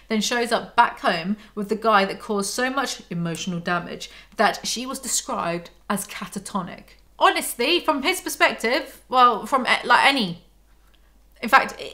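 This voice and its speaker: A woman's voice: fairly high pitch, pushed and bright. A woman reviewing a novel, reading passages aloud and breaking off into sarcastic, exasperated commentary. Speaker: book reviewer.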